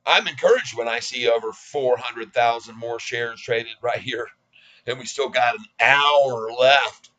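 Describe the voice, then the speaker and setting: With a mid-range voice that sounds pushed and bright, this stock trading vlogger in his sixties talks a little slowly over poor audio. His casual take on the market is folksy, cocky, and self-deprecating.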